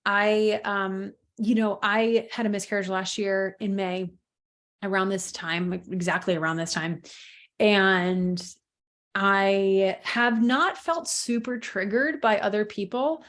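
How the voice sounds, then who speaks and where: A woman's voice: mid-range voice, steady tone, slow, fairly bright tone. A young adult woman hosting her podcast, talking candidly and reflectively with many fillers and restarts. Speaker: podcast host. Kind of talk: candid personal podcast monologue.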